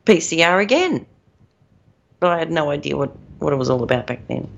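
Woman, podcast co-host, lowish voice, rambling, emphatic, muffled lo-fi sound. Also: animated, fairly quick, creaky. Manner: rambling, emphatic, laughs at own points. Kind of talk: casual conspiratorial chat. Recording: dull lo-fi audio.

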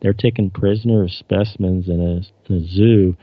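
A man's voice: sits low, steady tone, moderate pace, no echo. A man casually recapping TV episodes, hesitant and reading dialogue aloud. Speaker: presenter recounting TV episodes. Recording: dull lo-fi dry recording.

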